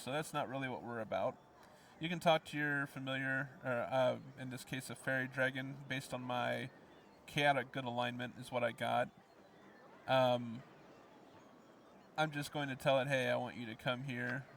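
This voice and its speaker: A man's voice: mid-range voice, gravelly, a bit bright, distant mic, a little hiss or hum. A young man from the US Midwest giving casual let's play commentary, explaining as he goes with plenty of ums. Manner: rambling, explanatory, lots of ums.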